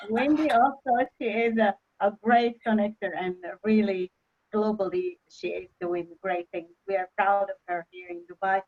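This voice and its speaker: A woman's voice: medium pitch, measured pace, darkish tone. A woman co-hosting a webinar in casual talk, speaking simple over a video call. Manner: non-native English with simple grammar. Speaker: webinar co-host. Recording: dull lo-fi video call audio.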